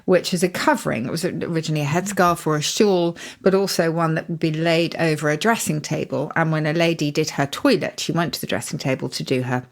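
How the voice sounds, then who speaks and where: A middle-aged woman co-hosting a podcast, explaining word origins in a thoughtful, lively way. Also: low-pitched, a little fast, gravelly, hardly any pauses. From Yorkshire. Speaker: podcast co-host.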